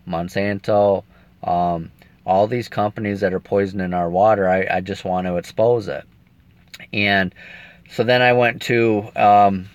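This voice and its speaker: A man's voice: deep voice, clear, resonant tone, no echo. A man giving a rambling, emotional update to his viewers while sitting in a car, stopping now and then to read their comments. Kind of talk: casual video update. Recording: dull lo-fi sound.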